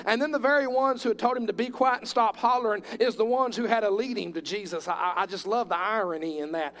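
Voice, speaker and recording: A man's voice: extremely high pitch, fairly bright tone. A man preaching a sermon with passion, acting out voices from scripture as he tells the stories. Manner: impassioned, acts out bible voices.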